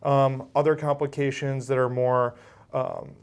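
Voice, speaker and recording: A middle-aged male surgeon giving calm, patient medical explanations in an interview. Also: mid-range voice, unhurried, smooth. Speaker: bariatric surgeon.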